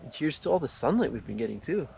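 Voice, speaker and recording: आराम से बातें करता व्लॉगर आदमी. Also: male voice, a little high, quick pace, creaky, a little hiss or hum. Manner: relaxed, chatty, playful. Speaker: travel vlogger. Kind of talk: casual chat. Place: outdoors in a rural mountain garden. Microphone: action camera.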